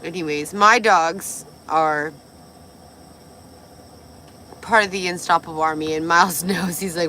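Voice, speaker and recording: A woman hosting a casual livestream, a little tipsy and hoarse, gushing and swearing as she reads viewer comments. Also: lowish voice, steady tone, normal speed, hardly any pauses, pushed and bright, slight background noise. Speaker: livestream host.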